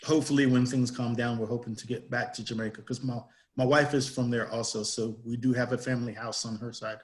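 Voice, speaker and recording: A man raised in England, chatting and then reading his own poem aloud in a measured, deliberate way. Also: mid-range voice, flat delivery. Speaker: poet. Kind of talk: casual chat and poetry reading. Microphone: video call.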